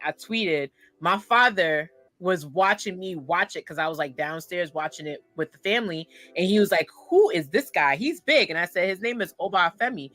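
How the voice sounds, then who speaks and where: Chatty woman podcast host, animated. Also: on the low side, no room sound. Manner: animated, rambling, says "like" often. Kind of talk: casual podcast chat.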